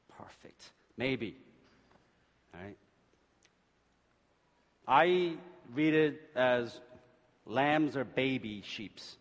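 A man preaching in a big, echoing hall with a middle-pitched voice. He jokes through the story, then rises to loud, urgent exhortations. Between those he drops into calm scripture reading. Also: drawn-out words, pauses often. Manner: animated, joking, shifts between shouting exhortation and quiet reading. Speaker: pastor. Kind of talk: sermon. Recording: long hall reverb.

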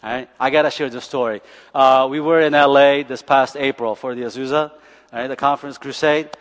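A man's voice: mid-range voice, steady tone, a little fast, fairly bright tone. A man in his forties, a pastor, preaching a sermon as chatty stories, often laughing and asking "right?". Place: church. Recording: echoey church hall.

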